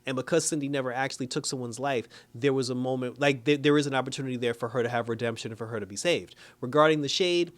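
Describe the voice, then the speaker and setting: A young man giving a casual, animated review of a TV episode, retelling scenes by quoting the characters and laughing often. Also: mid-range voice. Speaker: TV show reviewer. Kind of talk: casual spoken recap and review.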